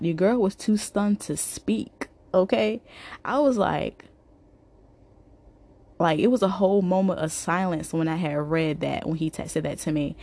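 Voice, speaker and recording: A young adult woman vlogger, telling a story to her viewers in a casual, emphatic way that repeats itself for effect. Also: low voice. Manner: animated, repetitive, emphatic.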